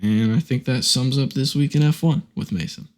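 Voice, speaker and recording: A man's voice: mid-range voice, normal speed, a little mellow. A young man co-hosting a podcast, giving a chatty, enthusiastic sports recap. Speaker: podcast co-host.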